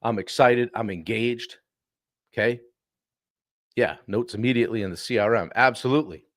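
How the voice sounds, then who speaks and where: Animated male sales coach, dry sound. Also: mid-range voice, moderate pace, no room sound. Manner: animated, acts out client calls, clears throat often. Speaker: sales coach and show host. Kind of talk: live-stream coaching talk.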